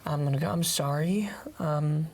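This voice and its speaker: A man's voice: fairly high pitch, normal speed, very noisy. A man in a scripted comedy sketch who stammers and restarts, flustered and awkward. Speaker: comedy show cast member.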